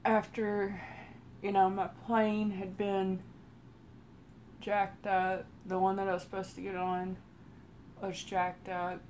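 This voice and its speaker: A woman with a Texas accent telling a personal story in a slow, rambling way while doing her makeup on a live stream. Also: mid-range voice, monotone, a little mellow, slight background noise. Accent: Texan. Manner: slow rambling delivery with many pauses. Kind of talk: casual storytelling during a makeup routine.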